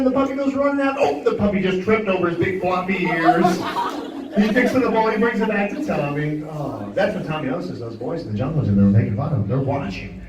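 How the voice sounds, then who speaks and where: A man working as a stage hypnotist, telling a guided story to his subjects in a dramatic, animated way, recorded from far off in an echoey hall with a laughing crowd. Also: high voice. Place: school event hall with an audience. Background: audience laughter.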